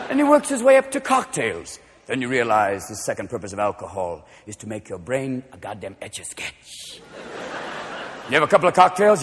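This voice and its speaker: A man doing a stand-up comedy routine, manic and loud, jumping between shouted voices. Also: mid-range voice, very animated. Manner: manic, shouting, quick voice switches. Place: comedy stage before a live audience. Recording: live hall recording with crowd noise.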